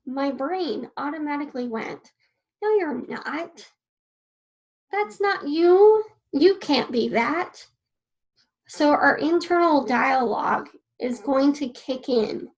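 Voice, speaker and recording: A woman's voice: high-pitched, low-quality recording. A woman teaching a class in an earnest, personal way, repeating key phrases as she writes notes on a board. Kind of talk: casual spoken lesson.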